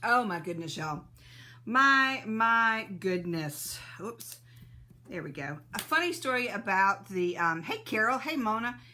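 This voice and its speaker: A woman's voice: medium pitch, lively intonation, a little slow, pushed and bright, a little hiss or hum. A woman hosting a casual live stream, greeting viewers by name and laughing often, a little sneezy and teary-eyed.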